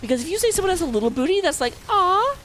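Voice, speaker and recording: A woman's voice: high voice, lively intonation, racing, darkish tone, a little hiss or hum. A woman casting a live online video game match, chatty and self-mocking, laughing easily between plays. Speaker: esports caster.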